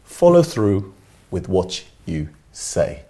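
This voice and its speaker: A man's voice: low voice, very animated, slow pace, mellow. A man, a regular guest on a talk show, giving upbeat motivational advice and asking rhetorical questions. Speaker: regular life coach guest.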